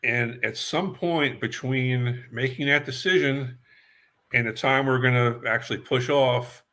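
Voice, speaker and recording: A man's voice: mid-range voice, fairly even intonation, measured pace, bright, forceful tone. An older man from New York, a guest musician, telling long stories in a rambling way and repeating words as he remembers. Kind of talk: casual storytelling interview.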